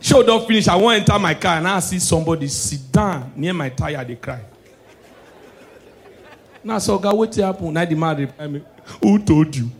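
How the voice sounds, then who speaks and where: High-voiced Nigerian stand-up comedian. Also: male voice, moderate pace, slight background noise. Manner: loud, animated punchlines mixing Pidgin and English. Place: live stage show.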